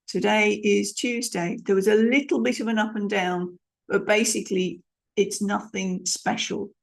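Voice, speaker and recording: Woman, middle-aged, husky, gravelly, speaking coach, demonstrative lesson. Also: medium pitch, steady tone, normal speed. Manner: demonstrative, emphatic, with frequent restarts. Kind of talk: instructional talk on vocal tone.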